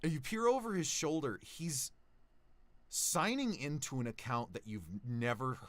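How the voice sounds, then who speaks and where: Animated male tabletop player. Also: on the high side, a little slow, dry recording. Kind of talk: describing his character's actions in a tabletop game.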